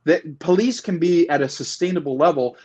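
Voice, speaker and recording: A man with a fairly high-pitched voice talks his way through a political discussion. He hammers points home by repeating them and lets his stories grow animated as he goes. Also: fairly quick, dull audio. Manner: emphatic, repetitive, animated storytelling. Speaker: guest. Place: Puget Sound area.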